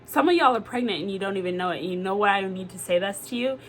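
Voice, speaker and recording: Animated, swearing woman reading tarot. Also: medium pitch, fast talker, a little hiss or hum. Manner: animated, swearing freely, exclamatory. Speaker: tarot reader. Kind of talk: casual tarot reading to camera.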